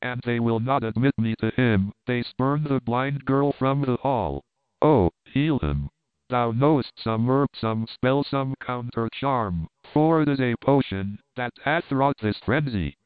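A man's voice: mid-range voice, animated, measured pace, clear, resonant tone, no room sound, lightly acted. A man reading a desperate blind slave girl. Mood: pleading. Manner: pleading and impassioned. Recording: tinny phone-like sound.

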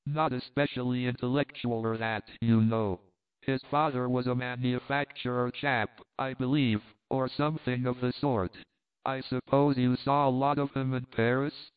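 A man reading aloud, voicing a pompous, smitten American gentleman with stiff, self-important phrasing, heard through a tinny phone-like sound. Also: medium pitch, flat delivery, normal speed, clean tone, natural voice. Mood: condescending.

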